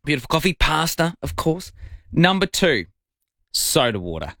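Animated radio co-host, man. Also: fairly high pitch, moderate pace, no echo. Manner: animated, teasing, mock-indignant. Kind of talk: playful breakfast radio banter. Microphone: studio microphone.

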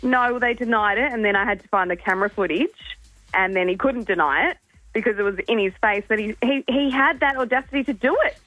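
A woman's voice: a little high, fairly quick, lo-fi sound, soft background music. A woman calling in to a radio show, telling an indignant story with laughs. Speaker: caller. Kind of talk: phone-in call.

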